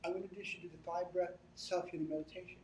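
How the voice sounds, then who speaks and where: A man giving a sermon as a spiritual teacher, earnest and halting, often repeating himself. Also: sits high, little pitch movement, darkish tone. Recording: echoey room from a distant mic, faint noise.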